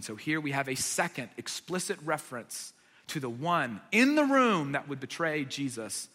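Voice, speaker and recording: Bright-voiced preacher in a reverberant hall. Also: male voice, a little high, very animated, normal speed. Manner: dramatic storytelling, voice swelling and dropping to near whispers. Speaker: pastor. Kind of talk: sermon.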